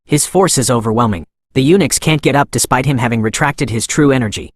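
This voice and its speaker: A man's voice: medium pitch, brisk, dry recording, clean studio sound, natural voice. A man reading an anxious young disciple.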